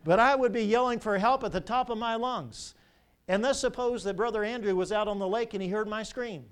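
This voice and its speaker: An older man, a pastor, preaching a sermon with animated storytelling and rhetorical questions. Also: high voice, brisk, clear, resonant tone.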